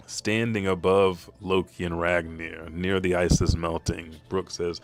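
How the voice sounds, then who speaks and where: A man casually recapping comic chapter events with profanity and animated storytelling. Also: a little slow, few pauses, faint music behind. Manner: profane, animated storytelling, bursts into high-pitched character quotes. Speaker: manga spoiler commentator. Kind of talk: casual recap with acted-out character lines.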